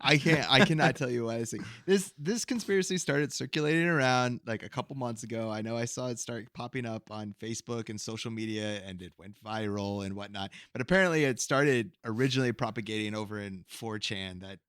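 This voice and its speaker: Male co-host, mid-pitched bright voice, dry sound, wry explainer. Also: a little fast, hardly any pauses, no room sound. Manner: wry, joking asides. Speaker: podcast co-host. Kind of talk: casual chat, explaining a topic.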